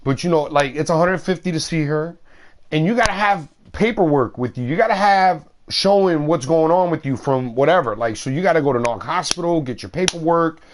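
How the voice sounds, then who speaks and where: A man's voice: a little high, a little fast. A man streaming a game, chatting casually in a slangy, rambling way and swearing freely. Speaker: gaming streamer.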